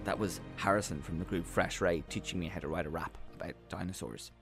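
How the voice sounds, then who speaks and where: A man's voice: low voice, steady tone, a little fast, creaky, soft background music. A man presenting a children's show, goofy and eager, happy to roar and rap along. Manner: goofy, eager, throws himself into roaring and rapping. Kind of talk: playful hosting and narration.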